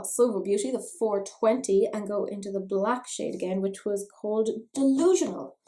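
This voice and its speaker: Warm and medium-pitched, the voice belongs to an Irish beauty vlogger chatting casually through a makeup tutorial. She makes fun of herself playfully while getting made up at home, captured on a rough recording.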